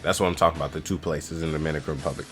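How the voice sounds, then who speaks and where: A man's voice: very deep voice, steady tone, very fast, fairly bright tone, faint music behind. A man in his twenties giving loose, slangy, rambling travel advice straight to camera as a casual vlogger. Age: 20s.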